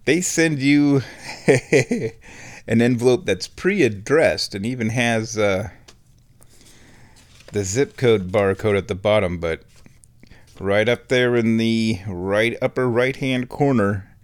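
A man's voice: on the low side, takes it slowly, pauses often. A man around fifty hosts a casual solo show from home, rambling wryly and chuckling at his own jokes. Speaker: podcast host.

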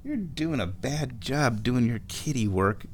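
A man hosting his own show, talking in a relaxed, rambling way while lying down and chuckling often. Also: mid-range voice, a little slow, a little hiss or hum. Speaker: solo show host. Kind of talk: casual monologue.

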